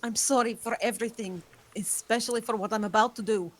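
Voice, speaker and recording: A woman's voice: fairly high pitch, steady tone, fairly quick, close to an everyday voice. A woman reading Ash, an older protective companion hurrying them to flee. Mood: urgent. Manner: urgent, firm.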